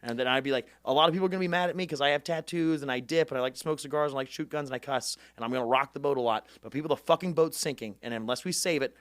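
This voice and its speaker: Young man, rapid-fire storytelling, dry close mic, swears a lot. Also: medium pitch, no echo. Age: 20s. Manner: fast, energetic, acts out voices of people he quotes; swears freely, rally-speech intensity. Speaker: guest, former congressman. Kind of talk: animated storytelling interview.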